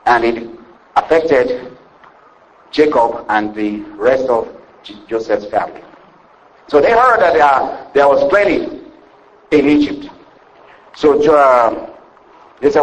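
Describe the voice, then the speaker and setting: A man's voice: mid-range voice, expressive, takes it slowly, pauses often, poor audio. A man preaching a sermon, retelling a scripture story in a rambling, conversational way with many fillers and calls for amen. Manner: asks the congregation for "Amen".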